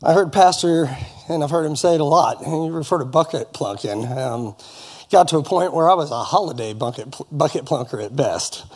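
A man's voice: on the high side, expressive, a little fast, darkish tone, husky. Earnest man giving church testimony. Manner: earnest, folksy, with light humor. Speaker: congregation member giving testimony. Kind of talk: personal testimony at church service. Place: church service in front of a congregation.

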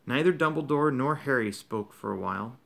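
A man reading a novel aloud to his children in a steady, even narrating voice. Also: medium pitch, a little fast, creaky.

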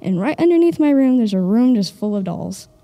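A woman's voice: fairly high pitch, big pitch swings, fairly quick, mellow. A young woman from Oklahoma telling a story on a live stage. She rambles with many fillers and laughs nervously. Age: young adult. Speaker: audience member telling a story. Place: stage of a live event in a castle.

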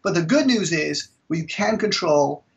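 A middle-aged man from India, a guest author telling stories in an interview with lively energy. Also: a little high, moderate pace, gravelly, recorded from a distance, lo-fi sound. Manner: energetic, animated storyteller. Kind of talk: storytelling in an interview.

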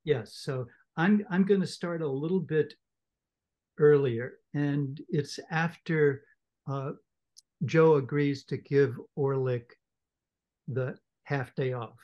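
A man's voice: on the high side, slow, a little mellow, lo-fi sound. A man in a book club discussion, reading a novel aloud with enthusiasm and expression.

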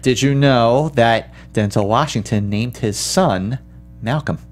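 A man's voice: mid-range voice, slow pace, soft background music. A man co-hosting a film podcast in casual chat, playful and emphatic, stretching out his stressed words.

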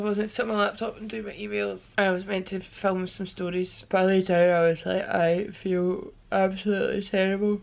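A woman's voice: medium pitch, creaky. A young woman vlogging to camera from a hotel room, chatty and candid while she feels unwell. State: feeling unwell. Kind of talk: casual vlog talking to camera.

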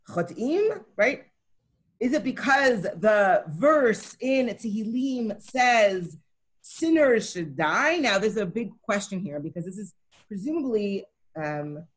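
A woman teaching a Talmud study session, explaining each line and often checking in with her listeners. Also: medium pitch. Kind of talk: co-taught text study session.

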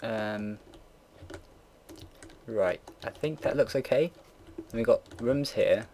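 A man's voice: medium pitch, takes it slowly, a little mellow, a little hiss or hum. A young man in his late teens, casually rambling and swearing while narrating a computer build. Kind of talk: casual gameplay commentary. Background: keyboard typing and mouse clicks.

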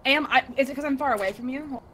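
A woman's voice: high voice, quick pace, a bit bright, a little hiss or hum. A woman chatting casually with a friend during a gaming stream, rambling and giggling.

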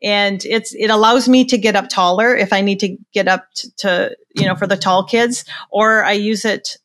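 An older woman speaks with warm enthusiasm about her portrait work. She rambles a little, restarting sentences as her ideas come. The recording is dry and close. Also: mid-range voice, steady tone, normal speed, no echo. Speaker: senior portrait photographer, guest. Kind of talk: casual interview chat.

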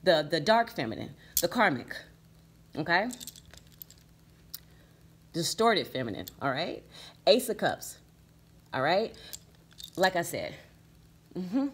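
A woman's voice: on the low side, very animated, slow pace, pauses often, fairly bright tone, slightly rough. A woman reading tarot cards for her viewers, emphatic and repeating "okay?" and "right?" as she goes. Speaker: tarot reader.

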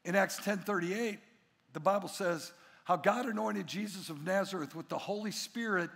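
A middle-aged man preaching a sermon as pastor, an animated storyteller who acts out the voices in his stories. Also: sits high, moderate pace, creaky, in a large hall. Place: large church hall.

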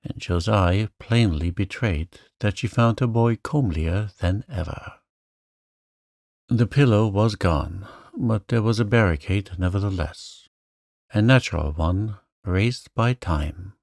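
A man reads a classic novel as a bedtime story, calm and even. His low voice has a gravelly edge and moves very slowly. The sound is close and dry. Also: dry recording. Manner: slow, soothing, even. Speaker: narrator.

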